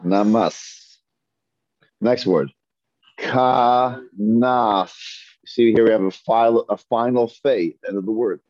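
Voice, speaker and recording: A man teaching Hebrew reading, sounding out words slowly and patiently and repeating them. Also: on the low side, mellow, no room sound. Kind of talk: slow, patient reading lesson. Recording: dull lo-fi dry recording.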